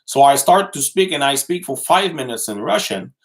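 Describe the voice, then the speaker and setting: A man with a mid-range voice replies to his livestream chat in English that is not his first language. He talks in a casual, halting way, stopping often to restart and fill gaps with "uh". His delivery is loose and unscripted. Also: mid-range voice, expressive. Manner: halting, many restarts and fillers.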